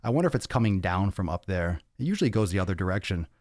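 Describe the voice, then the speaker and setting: A male podcast host, out of breath, chatting casually on a livestream and reading viewer comments in an energetic, profane, rambling way into a podcast mic. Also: low voice, racing, no room sound, studio quality. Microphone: podcast microphone.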